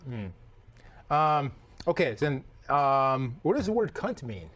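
A man's voice: medium pitch, very animated, slow pace, a bit bright. A man hosting a casual comedy chat show, with a playful, teasing, rambling way of talking. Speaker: podcast host.

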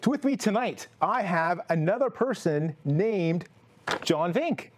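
A young man hosts a comedy talk show. His voice sits fairly high and swoops up and down as he tells stories. He jokes in a playful, deadpan way. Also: takes it slowly, background noise. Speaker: host.

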